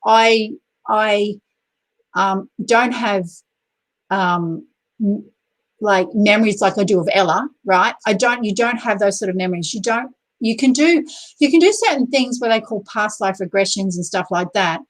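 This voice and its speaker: A woman's voice: medium pitch, unhurried, rough recording. An Australian woman chatting on a live video, rambling with many fillers and restarts and greeting viewers by name. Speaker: YouTuber hosting a live video. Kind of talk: casual live-stream chat.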